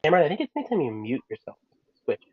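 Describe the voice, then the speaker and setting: A man running a tabletop game speaks with a lively, swinging pitch and a slightly husky tone. He fires quick questions at his players. The sound is dry and a bit dull. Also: no echo. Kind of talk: casual tabletop game chat.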